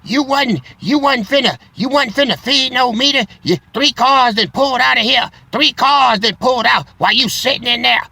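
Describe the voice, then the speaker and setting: A man playing an angry female parking enforcement officer who scolds in shrill, repetitive bursts. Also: moderate pace, creaky, hardly any pauses, bright, forceful tone, husky, full character voice. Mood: angry scolding.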